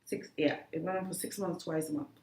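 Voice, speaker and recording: A woman being interviewed, talking earnestly and haltingly, with many restarts. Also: deep voice, fairly even intonation, darkish tone. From The Gambia. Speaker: guest, cancer survivor. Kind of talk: emotional interview talk. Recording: echoey room.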